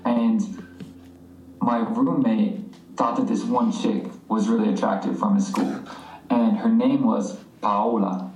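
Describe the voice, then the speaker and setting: A man's voice: lowish voice, fairly even intonation, slow, a little mellow, a little hiss or hum. A man co-hosting a language podcast, teaching in a casual, jokey, slangy way. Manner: jokey, laid-back, slangy. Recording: echoey room, distant mic.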